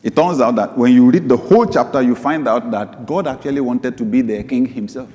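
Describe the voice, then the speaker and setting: A man preaching a sermon as pastor, reading scripture aloud, moving from low asides to sudden high, emphatic bursts. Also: a little fast, a little mellow, highs cut off. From Nigeria. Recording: long hall reverb.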